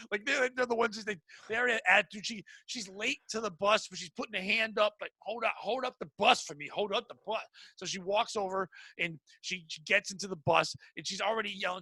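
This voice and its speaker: A man hosting a podcast, telling rambling, profane comic stories with loud outbursts. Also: sits high, no room sound. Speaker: podcast host. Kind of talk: casual comedic storytelling.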